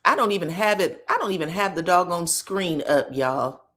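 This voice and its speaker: A woman hosting a live reaction stream, recapping reality TV drama in an animated, emphatic way and laughing often. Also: lowish voice, normal speed. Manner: acts out cast members' lines in quoted voices. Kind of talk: live gossip reaction chat.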